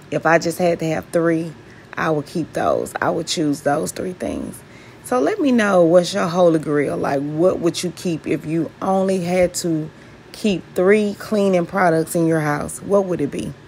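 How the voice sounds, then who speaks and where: A woman with a Mississippi Southern accent talks to her viewers in her home kitchen in an easy, chatty way. Her voice sits a little low, and she takes her time. There's a faint hiss of noise under her voice. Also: vocal fry, darkish tone. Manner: chatty, keeps asking viewers questions. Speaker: home vlogger. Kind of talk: casual chat to viewers while cleaning.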